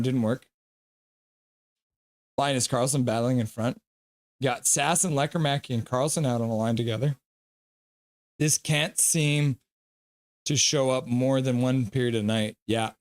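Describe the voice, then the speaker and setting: A man's voice: medium pitch, no room sound. A middle-aged man hosting a live stream, reading viewer comments aloud in a playful way and calling hockey play-by-play. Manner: breaks into quick play-by-play commentary. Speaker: livestream host reacting to a hockey game.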